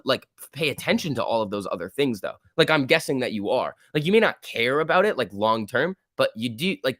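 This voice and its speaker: A young man hosting a live stock-market stream, talking in an emphatic, excitable rant. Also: mid-range voice, dry recording, clean studio sound. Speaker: livestream host.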